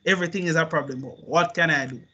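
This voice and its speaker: A man co-hosting a podcast with a husky voice, ranting animatedly in slang-heavy casual chat. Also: on the high side, fast, bright, forceful tone, highs cut off. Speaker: podcast co-host.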